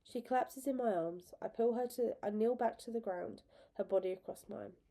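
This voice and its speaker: Woman reading a story, mellow tone. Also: mid-range voice, normal speed, vocal fry. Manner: expressive, emotional reading. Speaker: reader. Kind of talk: expressive audiobook narration.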